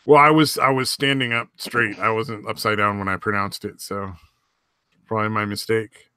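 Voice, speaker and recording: A man's voice: on the low side, fairly even intonation, moderate pace, bright, forceful tone, clear, resonant tone, no echo, studio quality. A man hosting a livestream, bantering casually with profane, self-mocking jokes and frequent laughter. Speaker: stream host.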